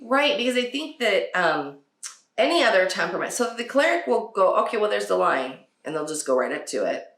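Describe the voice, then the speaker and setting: A woman's voice: medium pitch, sing-song, a little fast, a bit bright. A woman hosting a casual parenting talk. She laughs often and acts out quotes from her children. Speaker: podcast host. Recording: echoey room.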